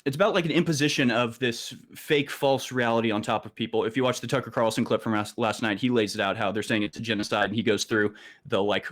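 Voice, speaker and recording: A man talking as a guest on a casual political talk show, halting and restarting often. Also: mid-range voice, fairly even intonation, fairly bright tone. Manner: halting, many restarts and fillers.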